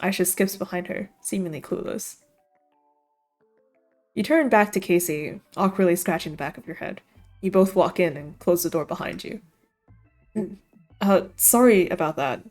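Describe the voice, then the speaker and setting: A woman's voice: fairly low pitch, a little mellow. Giggly woman streamer narrating a visual novel. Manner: giggly, with frequent laughter between narration.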